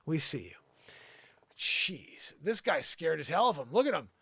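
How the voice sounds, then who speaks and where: A man hosts a live talk show, riffing comically with excitable bursts and muttered asides. His voice sits a little high for a man and has a gravelly edge. The sound is dry, with no room around it. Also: a little slow, dry recording. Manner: excitable, riffing, swings between loud outbursts and muttering asides. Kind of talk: improvised comedic commentary on photos.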